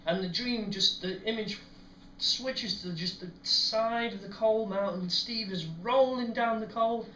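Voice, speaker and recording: A man's voice: sits high, unhurried, slight background noise. Rambling young man, echoey room. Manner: rambling, many ums, animated when retelling. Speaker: podcast host. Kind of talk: casual storytelling monologue. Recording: echoey room, mic at a distance.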